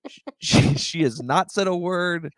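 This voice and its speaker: Animated comedian man, slightly high voice. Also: unhurried, dry recording. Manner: animated, filler-heavy, says "like" and "dude" often. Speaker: stand-up comedian, podcast guest. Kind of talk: casual storytelling chat.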